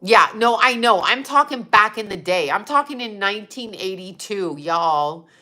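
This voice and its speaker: A woman in her fifties hosts a loose, chatty livestream. Her voice is bright and forceful, a little stuffed up in the nose. She swears freely and laughs easily as she replies to her viewers. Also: medium pitch, animated, moderate pace. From Utah. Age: 50s. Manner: chatty, profane, laughs often, answers viewer chat. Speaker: psychic medium host. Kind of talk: casual livestream chat.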